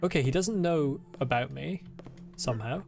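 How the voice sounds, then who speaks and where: Laid-back gamer. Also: male voice, a little high, normal speed, gravelly. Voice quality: laid-back, swears casually. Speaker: gaming channel host. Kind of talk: casual game commentary.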